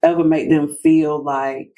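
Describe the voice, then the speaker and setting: A woman's voice: low voice, flat delivery, unhurried, dark tone, low-quality recording. A woman guest in a casual interview, talking reflectively about parenting and retelling conversations with her daughters. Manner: reflective, acts out family dialogue.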